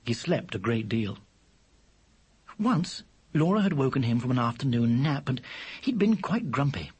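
A narrator reading a children's story aloud, with a measured delivery that drops low for the speech tags. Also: very animated, darkish tone, breathy edge. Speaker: audiobook narrator.

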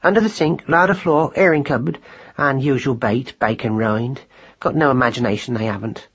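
A man's voice: mid-range voice, normal speed, a bit bright, slightly rough, muffled recording. A man voicing a grieving, fussy mother mouse with homely rustic turns of phrase. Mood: matter-of-fact.

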